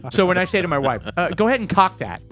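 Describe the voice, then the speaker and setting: A man co-hosting a podcast in casual banter, animated, rambling and self-mocking. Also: high voice. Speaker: podcast co-host.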